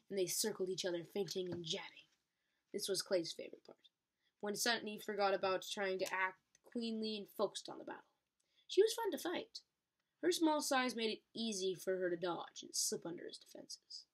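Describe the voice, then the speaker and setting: A woman reading a novel aloud in a steady way, with occasional slips she corrects. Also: medium pitch, moderate pace. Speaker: reader.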